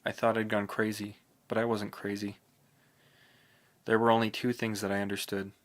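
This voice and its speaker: A man narrating a novel audiobook in the first person, with a steady, brooding reading. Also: lowish voice, normal speed.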